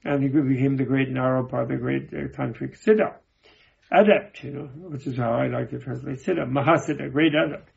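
A man giving an informal Buddhist teaching, telling stories in a halting way, often repeating and restarting his words. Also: mid-range voice, steady tone, vocal fry, a little mellow, slightly rough, dull audio. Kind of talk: informal spoken teaching with storytelling.

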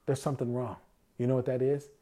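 A man with a mid-range, warm voice delivers a conversational sermon at a quick pace, his delivery flat. He frequently poses rhetorical questions and answers them himself, and he acts out the voices of the people he quotes.

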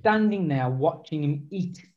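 A man's voice: fairly high pitch, animated, measured pace. Guy hosting a podcast, rambly and self-deprecating, muffled lo-fi audio. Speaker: podcast host. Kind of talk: casual chat. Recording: dull lo-fi sound.

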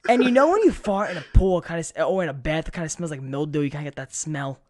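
A man's voice: on the high side, expressive, fast, a little mellow. A man from New York telling a rambling, profane story in casual chat, with many restarts.

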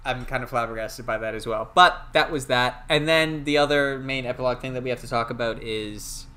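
Bright-voiced young man chatting about movies. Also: medium pitch, fairly quick, smooth. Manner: chatty, animated, shares trivia with mock quotes. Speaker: podcast co-host. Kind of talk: casual movie discussion.

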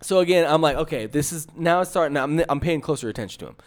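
A man's voice: on the high side, lively intonation, fast. A man co-hosting a podcast, telling a story in casual chat and acting out the quotes, with many restarts. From San Francisco area. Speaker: podcast co-host.

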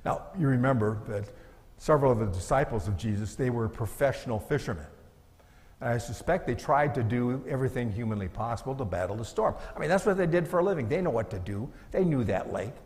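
A man's voice: mid-range voice, animated, quick pace, a little mellow, in a large hall. A middle-aged male pastor preaching a sermon in an earnest, conversational way, asking his listeners rhetorical questions.

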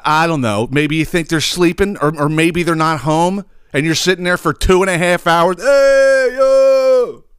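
A man's voice: a little high, fairly even intonation, normal speed, hardly any pauses, a bit bright, clean tone, no room sound, studio quality. A man hosting a podcast, ranting comically in a profane, exasperated way. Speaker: podcast host. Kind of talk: comedic rant.

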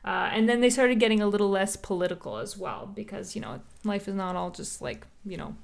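A woman hosts a podcast, casually chatting and explaining a topic with many fillers and side comments. Her voice is medium-pitched, brisk, and creaky.

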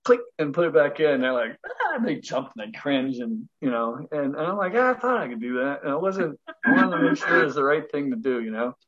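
A middle-aged man tells a story in a relaxed interview, his voice sitting a little high. He laughs often and slips into the voices of the people in his story. The audio sounds dull and lo-fi. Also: a little fast, hardly any pauses. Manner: chatty, laughs between lines, acts out quoted voices. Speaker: guest breathwork teacher.

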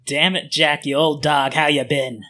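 A man's voice: fairly high pitch, steady tone, moderate pace, bright, forceful tone. A man voicing a brash, boastful businessman with a swaggering way of talking.

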